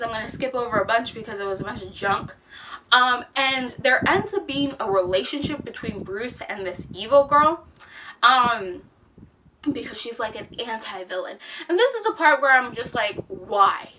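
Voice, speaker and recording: A woman's voice: a little high, animated, moderate pace. A young woman reviewing a book in casual chat, rambling and exasperated, with lots of "like". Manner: exasperated, rambling, heavy use of "like". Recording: slightly distant mic with faint hiss.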